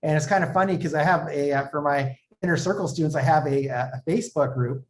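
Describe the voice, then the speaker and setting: A man's voice: fairly high pitch, fast talker. A man who coaches real estate investors, explaining as an interview guest and telling stories with quoted dialogue. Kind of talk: conversational explaining with anecdotes.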